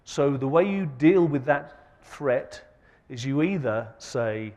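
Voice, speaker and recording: A man giving a conference lecture, asking the audience rhetorical questions with an emphatic delivery that swings between loud and soft. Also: on the high side, expressive, measured pace. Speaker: keynote speaker. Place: large conference hall. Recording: long hall reverb.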